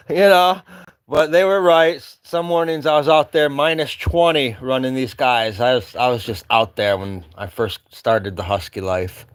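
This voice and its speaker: A man's voice: mid-range voice, steady tone, normal speed, hardly any pauses, smooth, no echo. A man vlogging casually from his cabin with a rambling, wry manner and an Upper Midwest American accent. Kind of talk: casual chat. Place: remote cabin.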